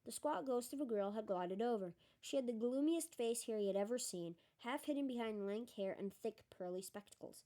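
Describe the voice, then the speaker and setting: A woman's voice: mid-range voice, steady tone, brisk, dark tone. A woman reading a book aloud who stops now and then to comment on the text. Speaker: reader. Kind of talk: audiobook reading with asides.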